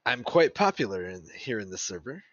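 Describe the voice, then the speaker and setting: A man's voice: lowish voice, big pitch swings, a little fast, a bit bright, no room sound. A man co-hosting a casual online show, reading a chat message aloud in an exaggerated, pompous, mock-formal manner. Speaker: podcast co-host. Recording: dry, dull lo-fi voice-chat audio.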